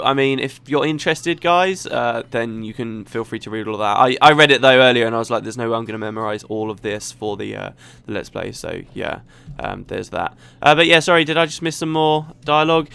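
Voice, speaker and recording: A man's voice: mid-range voice, creaky, a bit bright, smooth. A man talking casually as he plays through a video game, rambling and chatty. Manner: chatty and rambling, with frequent restarts. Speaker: let's play host. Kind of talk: casual gameplay commentary.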